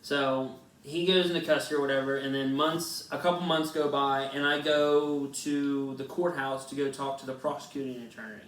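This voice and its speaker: A man's voice: medium pitch, normal speed, hardly any pauses. A young man, a podcast co-host, telling a long casual story with lots of swearing and rambling restarts. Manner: rambling, profane, animated storyteller. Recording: echoey room, mic at a distance.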